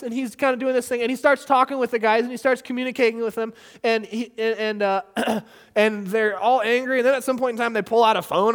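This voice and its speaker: American guy telling a wild story, laughs a lot, long reverb around him. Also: high voice. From United States. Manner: animated, laughs often, many fillers. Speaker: missionary storyteller. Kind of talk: casual storytelling.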